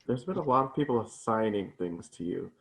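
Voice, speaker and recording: A man's voice: lowish voice, animated, brisk, gravelly, husky. A man hosting a podcast panel, adding short affirming remarks and passing the turn to guests. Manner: brief, affirming interjections. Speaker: podcast host. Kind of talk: moderating a panel.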